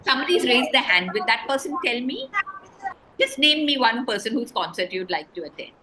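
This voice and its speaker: A woman's voice: on the high side, brisk, background noise. A woman author telling a story to children over a video call, stopping often to ask them questions. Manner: animated, asks the children questions.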